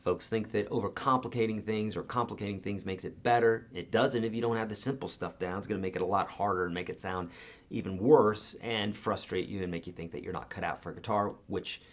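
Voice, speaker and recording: A man with a fairly low voice gives a live guitar lesson. He talks in a chatty, encouraging way, builds his points on everyday analogies and keeps checking in with "okay?". His pitch and loudness rise and fall freely to stress his points. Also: fairly quick. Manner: lively pitch and loudness swings for emphasis. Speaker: guitar teacher.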